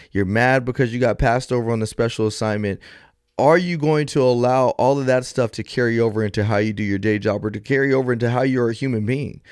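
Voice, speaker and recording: A man's voice: on the low side, a little mellow, clear, resonant tone, no echo, clean studio sound. A man hosting a podcast, a police officer talking earnestly in a casual chat.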